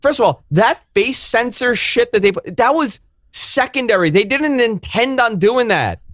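A man's voice: very high voice, normal speed, dry recording, studio quality. A man with a New York accent ranting and swearing in a casual podcast chat. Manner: profane, ranting, animated. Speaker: podcast co-host.

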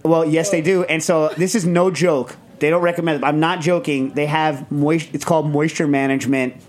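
A middle-aged man hosting a casual talk show, animated and laughing often as he acts out the people he quotes. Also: fairly high pitch, normal speed. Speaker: podcast host. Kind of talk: casual chat.

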